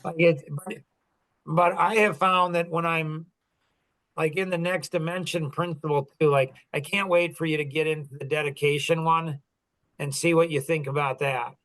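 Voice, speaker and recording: A middle-aged man talks through business ideas in a loose, rambling way, full of fillers and restarts. His voice sits a little high for a man. The sound is close and dry, with no room echo. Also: steady tone, moderate pace, fairly bright tone. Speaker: business coach and podcast host. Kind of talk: casual mentoring chat.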